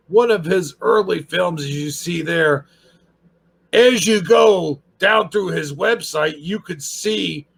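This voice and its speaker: A man's voice: a little high, creaky, fairly bright tone, slightly rough. A man hosting a casual channel review, sarcastic and rambling.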